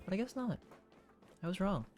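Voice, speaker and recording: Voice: medium pitch, expressive, normal speed, darkish tone. Chatty self-mocking streamer talking through a game, light music behind. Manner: chatty, self-mocking, reads game text aloud with laughs. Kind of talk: casual gameplay commentary.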